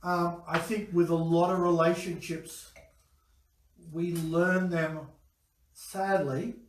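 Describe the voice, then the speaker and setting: Male guest, high voice, lively anecdote teller, picked up from across the room. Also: slow, slight background noise. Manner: storytelling with acted voices and chuckles. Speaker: guest expert. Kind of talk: animated anecdote at a dinner table. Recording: roomy sound from a distant mic.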